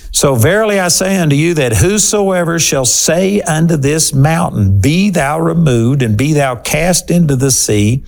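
A man preaching a sermon, emphatic and animated, slowing down to stress key words and acting out the lines he quotes. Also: mid-range voice. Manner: animated, acts out quoted lines with shifting inflection.

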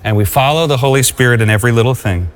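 A man with a mid-range voice races through a sermon, recorded with long hall reverb. He exhorts the congregation and keeps calling on them to answer him.

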